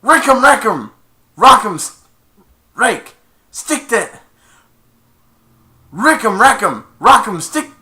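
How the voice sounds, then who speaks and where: A man voicing a wisecracking, excitable male genie while retelling a movie, shouting in a high comic voice. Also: normal speed, slight background noise, heavily acted. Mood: goofy. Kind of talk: movie scene re-enacted in a review.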